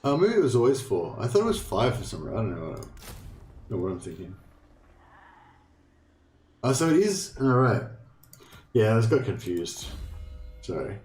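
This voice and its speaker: A man's voice: fairly low pitch, sing-song, moderate pace, long pauses, a little mellow. An Australian man commenting casually on a strategy game he is playing, thinking aloud and swearing now and then. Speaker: gameplay streamer. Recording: roomy echo, faint game music.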